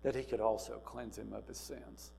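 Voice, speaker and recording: A man preaching a sermon, moving between quiet, musing passages and loud, emphatic cries. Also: on the low side, steady tone, moderate pace, vocal fry. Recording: reverberant hall with faint mains hum.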